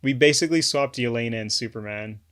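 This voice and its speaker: A young man co-hosting a podcast, chatting in a relaxed way with lots of slang and fillers. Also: medium pitch, fast talker. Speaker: podcast co-host. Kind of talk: casual chat.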